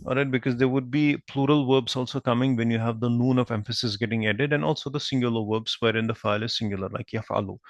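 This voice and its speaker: A man teaching Arabic grammar with patient repetition, often checking understanding with a quick "right?". He spells out verb forms slowly, syllable by syllable. His voice sits at an ordinary middle pitch and sounds dry and close to the mic. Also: dry recording. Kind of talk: online grammar lesson.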